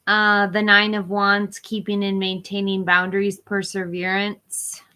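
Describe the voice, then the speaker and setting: Bright-voiced woman reading tarot cards. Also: medium pitch, monotone, a little slow. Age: 40s. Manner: reads card meanings in short listed phrases. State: losing her voice. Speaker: tarot reader. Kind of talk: live-stream tarot reading.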